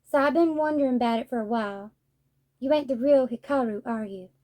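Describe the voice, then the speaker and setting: A woman's voice: on the high side, a little fast, warm tone, lightly acted. A woman voicing a blunt, plain-spoken, grieving rural teenage boy, read from a manga.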